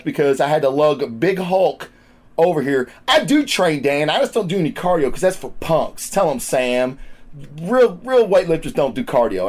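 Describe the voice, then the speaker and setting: A man hosting a podcast in casual chat, loud, profane and excitable. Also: fairly high pitch. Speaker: podcast host. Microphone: studio microphone.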